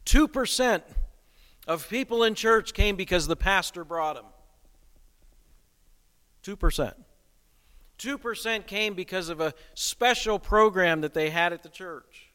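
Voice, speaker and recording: A man's voice: high-pitched, a little slow, pauses often, pushed and bright, smooth. A man preaching a sermon, emphatic and posing rhetorical questions to the congregation. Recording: long reverb of a hall.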